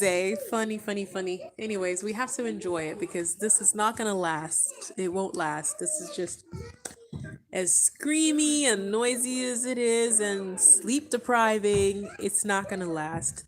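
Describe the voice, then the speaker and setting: A tired mother chatting casually on her vlog while soothing her baby, talking to him in a gentle sing-song way. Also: medium pitch, unhurried. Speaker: mother vlogger.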